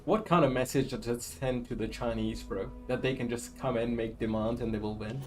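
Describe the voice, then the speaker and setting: A man's voice: mid-range voice, fairly even intonation, brisk, music in the background. A man casually commenting while he plays a game, rambling and calling everyone "bro". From outside the game's country. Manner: laid-back, says "bro" a lot, rambling. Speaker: gaming streamer.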